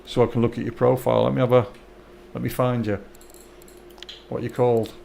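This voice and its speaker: A chatty man in middle age, talking to his viewers as he streams. He is friendly and easygoing, often repeating words and restarting his sentences, in a mid-pitched voice. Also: flat delivery, a little fast, gravelly, warm tone, slight background noise. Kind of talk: casual live-stream chat.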